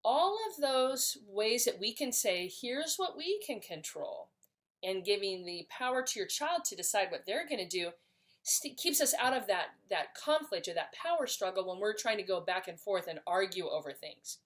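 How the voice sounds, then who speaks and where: A woman's voice: mid-range voice, animated, moderate pace. A middle-aged woman giving a parenting lesson, speaking in an empathetic way and acting out short example phrases. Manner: warm, empathetic, acts out short example lines. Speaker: parenting educator. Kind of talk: instructional talk to parents.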